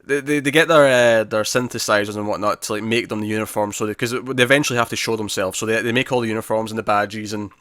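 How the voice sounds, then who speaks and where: A man co-hosting a casual TV review podcast, recapping scenes in an animated way and acting out quoted lines. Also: lowish voice, quick pace, hardly any pauses, no echo, studio quality. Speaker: podcast co-host.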